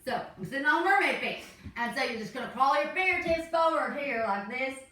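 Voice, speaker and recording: A woman's voice: high-pitched, lively intonation, a little fast, bright, forceful tone. A woman leading a joking yoga class in a goofy, laid-back way. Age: 40s. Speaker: yoga instructor. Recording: echoey room, mic far off.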